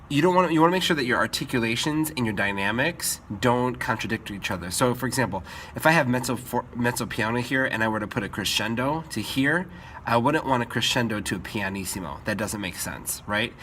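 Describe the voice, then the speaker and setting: A man teaching a composing lesson in a relaxed way, with many ums and frequent "okay?" check-ins. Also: medium pitch, a little hiss or hum. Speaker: music teacher. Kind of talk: screen-recorded composing tutorial.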